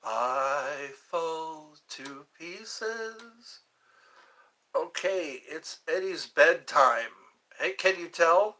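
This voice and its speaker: A man's voice: a little high, animated, extremely slow, pushed and bright. A man hosting a live stream, chatting in a rambling, playful way with viewers and saying he is a little tired. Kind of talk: casual live-stream chat.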